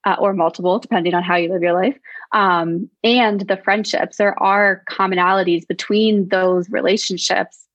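A woman's voice: medium pitch, fairly even intonation, a bit bright, no room sound. Young woman podcast co-host, thoughtful, filler-heavy chat, close dry muffled mic. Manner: reflective, talks slowly with many likes and ums.

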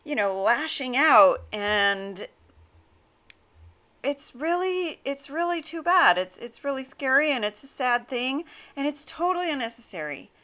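A woman's voice: high voice, lively intonation, unhurried, bright, forceful tone. A woman hosting her own podcast, telling a story in a chatty way with frequent laughs and fillers. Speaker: podcast host. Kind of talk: casual storytelling monologue; scripted show intro.

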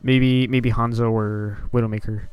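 Hesitant young man with a smooth voice. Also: mid-range voice, little pitch movement, unhurried, darkish tone, dry recording, faint music behind. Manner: hesitant, full of ums and restarts. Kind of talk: casual gaming podcast chat.

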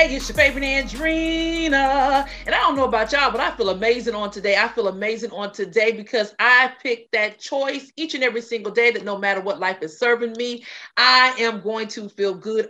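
Woman host, bright tone, slightly high voice, effusive hype, casual slangy chat. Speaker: podcast host.

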